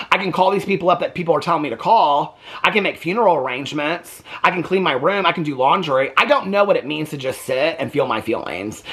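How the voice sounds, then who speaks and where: Animated, opinionated male reaction host. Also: a little high. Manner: animated, blunt and opinionated, swears. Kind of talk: casual reaction commentary.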